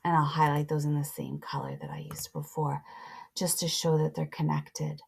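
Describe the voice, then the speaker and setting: A woman teacher reading a passage aloud and explaining it to students in a slow, deliberate voice, pausing as she annotates. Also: low-pitched, very animated, gravelly, darkish tone, slightly rough.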